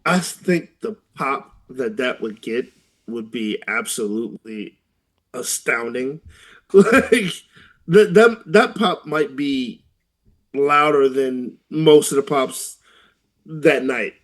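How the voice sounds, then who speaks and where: A man's voice: medium pitch, expressive, slow pace. A man co-hosting a casual podcast, laughing often and easygoing. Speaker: podcast co-host. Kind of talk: casual chat.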